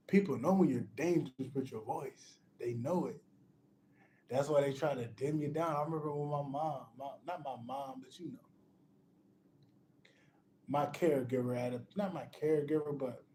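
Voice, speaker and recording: In a mellow, mid-range voice with a little hiss or hum behind it, a spiritual motivational speaker delivers a laid-back pep talk. He keeps calling the listener "bro," repeats himself emphatically, restarts phrases, and laughs between his points.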